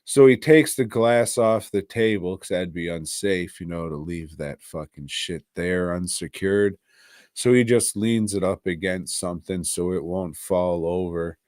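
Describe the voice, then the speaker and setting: Slow-talking podcast co-host, mid-pitched man, rambly and profane recap in a dry-sounding room. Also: darkish tone, no echo. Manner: rambling, profane, laughing at his own story. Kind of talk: casual movie-recap chat.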